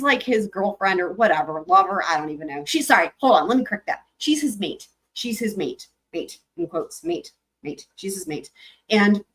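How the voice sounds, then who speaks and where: A young adult woman hosting a livestream, chatting casually with viewers, rambling and laughing, swearing freely. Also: mid-range voice. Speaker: livestream host.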